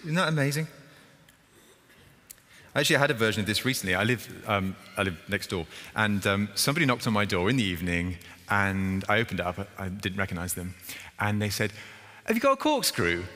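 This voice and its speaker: Chatty vicar with a low, bright voice in a reverberant church. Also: male voice, fairly quick, a little hiss or hum. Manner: chatty, self-interrupting, acts out stories. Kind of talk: sermon. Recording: long church hall reverb.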